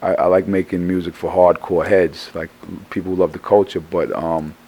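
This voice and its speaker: A middle-aged man with a low, worn voice, tired and hoarse after performing. He rambles through a casual interview, stammering and restarting phrases and swearing freely. His pitch sits low throughout. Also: flat delivery, moderate pace, mellow. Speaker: rapper guest.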